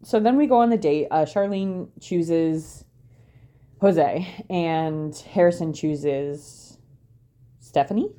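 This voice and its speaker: A woman's voice: sits low, slow, mellow. A young woman co-hosting a podcast, recapping a reality show in a wry, chatty way and laughing often. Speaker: podcast co-host.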